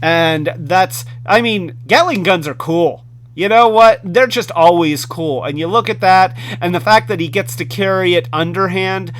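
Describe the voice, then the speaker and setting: A man's voice: high-pitched, fairly bright tone, slight background noise. A man hosting a casual hands-on toy review, enthusiastic and rambling. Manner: enthusiastic, rambling with fillers and restarts.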